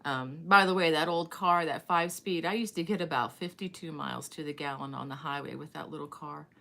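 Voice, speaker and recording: A middle-aged woman hosts a casual crochet live stream, chatting in a rambling way, greeting viewers by name, and reading their comments aloud. Her voice sits low, fairly quick, creaky, and fairly bright, with many fillers and restarts.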